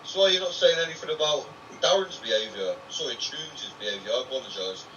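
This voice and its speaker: Fast, taunting man on a distant lo-fi mic. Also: medium pitch, lively intonation, a bit bright. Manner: combative, taunting, repeats himself. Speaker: panel host on a live stream. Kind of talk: heated live-stream argument. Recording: distant lo-fi mic with faint noise.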